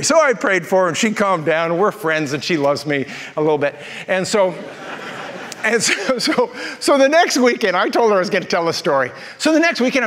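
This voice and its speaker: Brief: male pastor, high voice, playful sermon storyteller, long church hall reverb. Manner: jokey, animated storyteller. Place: church auditorium.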